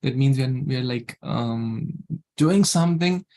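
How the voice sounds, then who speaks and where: A man's voice: medium pitch, unhurried, darkish tone. A man leading an online scripture class. He speaks earnestly, keeps repeating his key words and chuckles now and then. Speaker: class leader.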